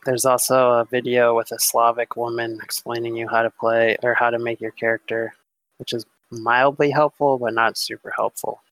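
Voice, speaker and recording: A man's voice: mid-range voice, level tone, moderate pace, a bit bright, no room sound, rough recording. A man running a tabletop game as game master, talking in a laid-back, casual way with some swearing.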